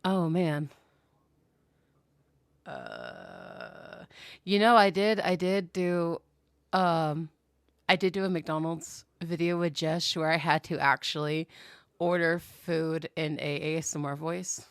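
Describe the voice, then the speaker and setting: A chatty, giggly woman, a voice actor, talks casually through an interview. Her voice is low and gravelly, recorded close and dry. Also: lively intonation, slow pace, no room sound.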